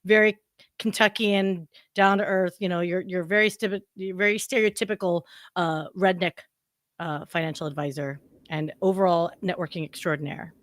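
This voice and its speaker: A woman's voice: fairly low pitch, fairly even intonation, moderate pace, no echo, clean studio sound. A woman co-hosting a casual talk show, breezy and joking, saying "like" a lot. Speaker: co-host. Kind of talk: casual chat.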